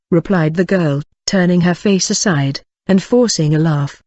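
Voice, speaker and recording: An audiobook narrator reading a classic novel in a steady voice, with occasional slips. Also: mid-range voice, a little slow, hardly any pauses, no echo, muffled recording.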